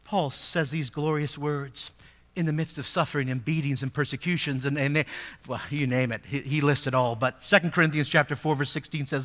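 A man's voice: medium pitch, fairly even intonation, fairly quick, a bit bright. A male pastor preaching a sermon, reading scripture aloud and asking the congregation rhetorical questions, rising to emphatic peaks.

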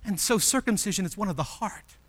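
A man preaching a sermon as pastor, emphatic and full of rhetorical questions, swinging between loud declarations and hushed, intimate passages. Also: high-pitched, lively intonation, a little fast.

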